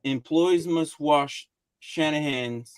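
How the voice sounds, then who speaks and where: A man hosting a casual podcast chat, laughing easily and reading things aloud with halting fillers. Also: on the high side, smooth, dry recording. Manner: loose, laughing, reads signs aloud haltingly. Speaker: podcast host. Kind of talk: casual chat, reacting to a video.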